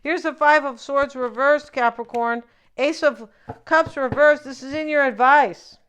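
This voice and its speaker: A woman's voice: sits high, a little slow, a bit bright. A woman giving a casual tarot reading, chatty and joking, with lots of fillers and asides to the viewer. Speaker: tarot reader.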